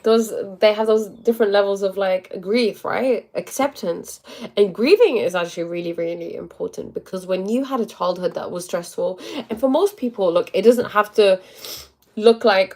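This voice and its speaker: A young woman hosting a casual monologue, animated and emphatic, with many asides to her audience. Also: medium pitch, normal speed. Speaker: host. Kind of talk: casual monologue reading viewer comments.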